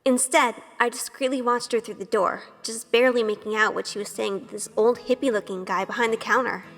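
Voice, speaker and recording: A woman's voice: a little high, fairly even intonation, a little fast, a bit bright, long reverb tail, faint music behind. An actress narrating in first person as a shy, nervous young woman who keeps questioning herself in an audio drama. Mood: self-conscious. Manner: earnest, self-questioning inner monologue.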